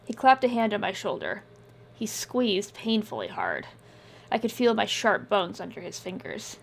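A woman reading first-person scripted fiction in a measured, subdued way. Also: medium pitch, very animated, creaky. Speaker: audiobook narrator.

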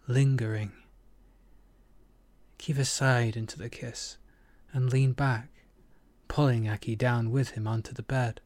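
A man narrating a romance story in a measured, intimate audiobook reading. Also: mid-range voice, a little mellow, dry recording.

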